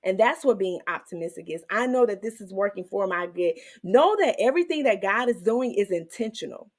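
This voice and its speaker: A woman hosting her own faith channel, teaching and testifying in an emotional, animated way, with some in her speech. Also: medium pitch, a little fast. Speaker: Christian women's channel host.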